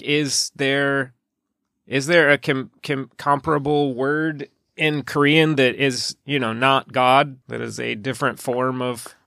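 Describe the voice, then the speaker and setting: A man's voice: on the high side, a bit bright, dry recording, clean studio sound. A man co-hosting a podcast, chatting casually about a film in a meandering way and trailing off mid-thought. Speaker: podcast co-host. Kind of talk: casual film-discussion chat.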